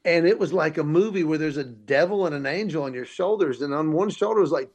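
A man's voice: fairly high pitch, quick pace, few pauses. A comedian telling his story in an interview, acting out the voices of the people he quotes. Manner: animated, acts out quoted voices. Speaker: comedian guest.

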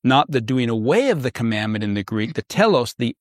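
A man's voice: mid-range voice, sing-song, a little fast, dry recording, clean studio sound. A male pastor teaching a Bible study, earnest and emphatic, asking rhetorical questions.

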